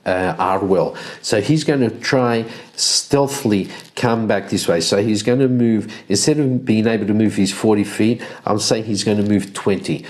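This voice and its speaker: A man's voice: lowish voice, normal speed, hardly any pauses, a little mellow. A man casually narrating a solo tabletop game, counting out moves and chuckling at the dice.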